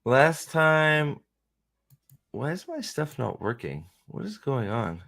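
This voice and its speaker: A man's voice: mid-range voice, big pitch swings, slow pace, creaky, fairly bright tone. A man hosting casual fan commentary, rambling and profane, and often cutting himself off mid-thought. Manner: rambling, profane, self-interrupting. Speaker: host.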